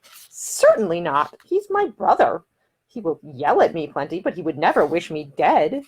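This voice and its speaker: A woman voicing a poised young woman perfumer who turns crisp and indignant when pushed. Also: on the low side, huge pitch swings, normal speed, a little mellow, exaggerated voice. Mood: firm.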